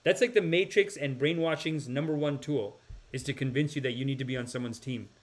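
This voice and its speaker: A man's voice: medium pitch, fairly quick. A man hosting a podcast, reading viewer comments and rambling with sighs and restarts. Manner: rambling, sighing, slips into impressions. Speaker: podcast host.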